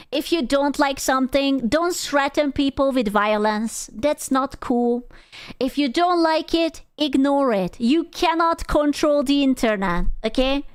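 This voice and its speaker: A woman's voice: sits high, clean tone, dry recording. A young woman streamer giving casual, rambling reaction commentary, swearing freely and sounding exasperated. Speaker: VTuber streamer.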